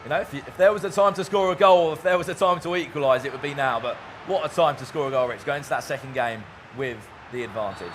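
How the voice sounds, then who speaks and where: A man co-commentating on a football video game final, animated and chatty. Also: medium pitch, fast, few pauses, a little hiss or hum. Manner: animated, bursts into shouting on goals. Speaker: esports co-commentator.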